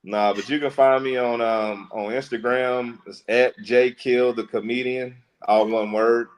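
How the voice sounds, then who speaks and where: A man, a stand-up comedian, talking as a guest in a casual interview, relaxed and joking. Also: medium pitch, unhurried, poor audio.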